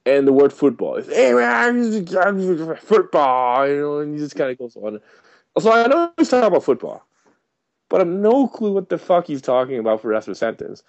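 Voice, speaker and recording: A man telling a rambling, animated anecdote in casual chat, full of fillers and restarts. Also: fairly high pitch, fast, dull audio.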